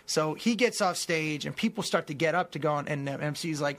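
A man's voice: on the high side, fairly quick, hardly any pauses. A man, a comedian, telling a long story on a casual podcast, swearing freely and acting out what people said. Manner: animated storyteller, swears, acts out quotes.

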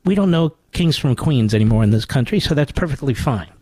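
A man's voice: medium pitch, lively intonation, brisk, dark tone, breathy edge, no room sound. A man hosting a radio talk show, delivering a sarcastic, mocking monologue full of rhetorical asides into a studio microphone.

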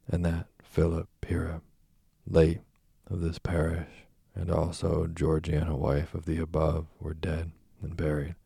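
A man reads a classic novel aloud in slow, deliberate studio-audiobook style. His voice is extremely deep, gravelly and husky, with a dark color. The recording is dry and close, with no room sound.

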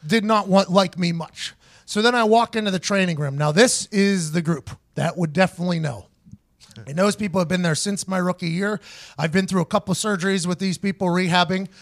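A man hosting a podcast, telling a story in an animated, profane way and acting out both sides of each conversation. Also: sits high, brisk. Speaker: podcast host. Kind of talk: casual storytelling chat.

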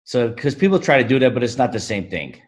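A man's voice: mid-range voice, sing-song, fast. A man with a Brooklyn New York accent, a pizzeria owner giving plainspoken, friendly answers as a guest in a casual interview.

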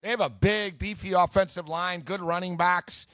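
A man's voice: high voice, fairly even intonation, fairly bright tone, no room sound. Bantering male sports betting host. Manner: joking, quick banter. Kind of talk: casual sports betting chat.

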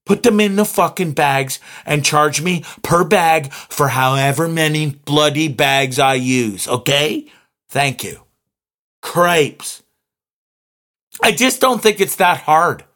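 A man's voice: high voice, fairly bright tone. Foul-mouthed ranting man. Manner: swearing, exasperated, mimics cashiers mockingly. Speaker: vlogger. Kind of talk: profane rant.

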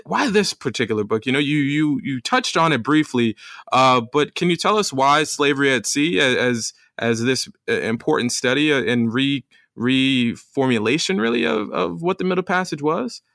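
A man's voice: mid-range voice, expressive, moderate pace, creaky, a bit bright, no echo, studio quality. Hesitant man hosting an interview. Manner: hesitant, many fillers and restarts. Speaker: interview host. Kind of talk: conversational interview.

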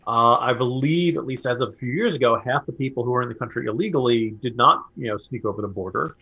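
A man's voice: mid-range voice, fast talker, creaky, pushed and bright, breathy edge, muffled recording. A man co-hosting a political podcast, making his points emphatically and repeating them for stress. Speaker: podcast co-host. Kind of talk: political commentary chat.

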